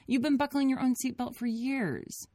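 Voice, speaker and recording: A stern, terse father giving clipped orders, as a woman reads his lines. The voice is raised and firm rather than deep, and the recording is dry and close. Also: steady tone, normal speed, dark tone, dry recording. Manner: terse, commanding.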